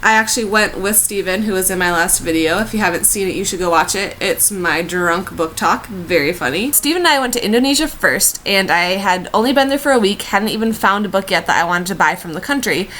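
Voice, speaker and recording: A woman's voice: mid-range voice, brisk, few pauses, a bit bright, a little hiss or hum, low-quality recording. A woman in her twenties from the United States, sick and chatting from her bed in a gushing, chatty book vlog. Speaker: book vlogger. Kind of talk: casual vlog chat. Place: in bed at home.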